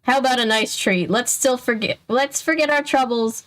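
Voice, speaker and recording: A woman's voice: a little high, moderate pace, a bit bright, pitched above the performer's own voice, lightly acted. A woman reading the lines of a worried middle-aged male French pastry chef in her own plain voice, without the accent. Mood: gentle.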